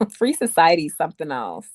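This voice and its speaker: A young woman talking to her viewers on a home livestream, chatting casually and reading their comments aloud. Her pitch sits on the low side but swings around a lot. The sound is dry and close. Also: a little mellow, slightly rough, no echo. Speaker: livestream host. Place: home room. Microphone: webcam or phone mic.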